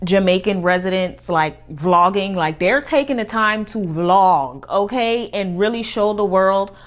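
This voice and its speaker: A woman's voice: mid-range voice, animated, unhurried. A woman doing casual video commentary, talking to her viewers directly and earnestly, stacking up short repeated statements for emphasis. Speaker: commentary vlogger.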